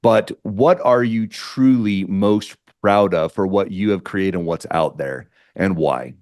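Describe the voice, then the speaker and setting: A man's voice: low voice, slow, darkish tone, dry recording, clean studio sound. A man hosting an interview podcast, fervent and faith-driven, often stumbling and repeating his words. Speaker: podcast host.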